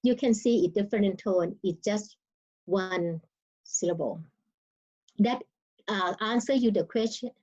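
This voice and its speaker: A woman's voice: medium pitch, a little slow, long pauses, a little mellow, highs cut off. A woman with a Thai accent teaching her language in an online lesson, speaking non-native English and sounding out words tone by tone. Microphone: video call.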